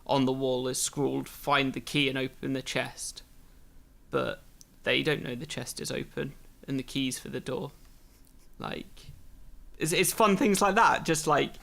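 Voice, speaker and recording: A man hosting a podcast in casual chat, rambling and playful as he thinks out loud. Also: mid-range voice, fairly even intonation, unhurried, creaky. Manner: rambling, playful, muses aloud.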